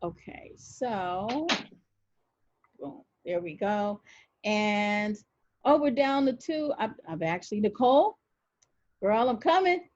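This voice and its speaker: A woman hosting a live hair Q&A, giving relaxed, reassuring advice in a folksy, casual way over a video call. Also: medium pitch, slow, long pauses, highs cut off.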